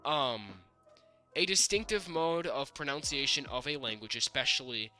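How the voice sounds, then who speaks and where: A man's voice: mid-range voice, moderate pace, bright, forceful tone, faint music behind. A young man from the northern United States, co-hosting a podcast in casual chat, rambling with many restarts and fillers, sounding a bit sick. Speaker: podcast co-host.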